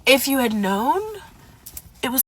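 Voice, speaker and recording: A woman's voice: on the high side, a little slow, fairly bright tone, slightly rough. A woman telling a casual storytime to her viewers, dramatic and full of swearing. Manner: dramatic, profane, addresses viewers as "divas".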